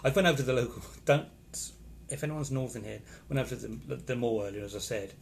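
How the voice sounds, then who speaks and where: Chatty man with gravelly voice. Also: mid-range voice, fast talker, slight background noise. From England. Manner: rambling, chatty, reacting to comments. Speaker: vlogger reading live comments. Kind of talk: casual live-stream chat. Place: hotel room.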